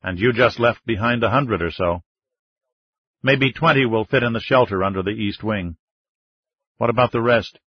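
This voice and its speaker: A man doing a quiet reproachful inner voice. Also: fairly low pitch, normal speed, long pauses, slightly rough, dry recording. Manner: reproachful, probing. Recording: slightly dull lo-fi recording.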